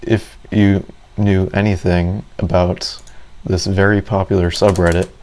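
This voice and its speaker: A man's voice: low voice, little pitch movement, unhurried, a little mellow. A man giving casual, rambling commentary over his own gameplay, self-deprecating and full of fillers. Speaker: gaming video creator.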